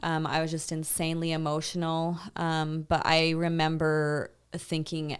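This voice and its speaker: A woman in her thirties, appearing as a podcast guest, intensely relives a painful memory, telling it in a rambling conversational way full of "like" and "you know." Her low-pitched voice is monotone and unhurried, with hardly any pauses and a clear, resonant tone.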